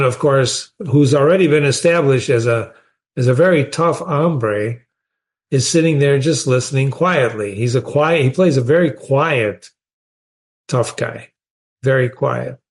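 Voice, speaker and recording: Man explaining a story. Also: medium pitch. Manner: conversational, asks the listener questions. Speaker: literature teacher.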